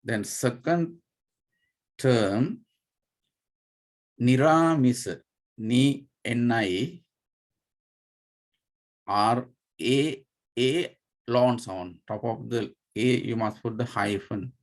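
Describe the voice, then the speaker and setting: Slow, gravelly Sri monk teaching. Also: male voice, medium pitch. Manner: patient, spells out terms letter by letter, many fillers. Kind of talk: slow dharma class lecture.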